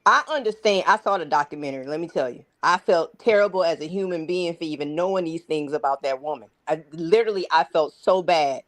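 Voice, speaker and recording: A woman's voice: sits low, brisk, hardly any pauses. A woman co-hosting a podcast in casual chat, frank and opinionated, often restarting her sentences. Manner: frank, opinionated, self-correcting. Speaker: podcast co-host.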